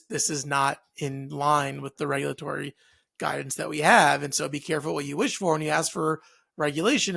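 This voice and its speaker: A male podcast co-host chats casually about the news. His voice sits a bit high and carries a steady gravelly fry. He thinks aloud, circling back with fillers and self-corrections. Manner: loose and chatty, many fillers and restarts.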